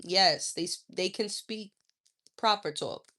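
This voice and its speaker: A woman's voice: on the low side, slow, bright, forceful tone. A woman hosting a casual live stream, answering viewer comments in a blunt, profane, scolding way.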